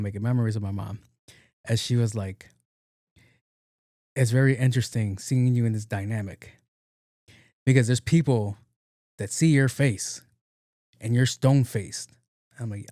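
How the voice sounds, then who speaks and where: Mellow-voiced man hosting a casual podcast. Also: medium pitch, no echo, clean studio sound. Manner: joking storyteller, acts out both sides of conversations. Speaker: podcast host. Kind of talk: casual solo podcast monologue.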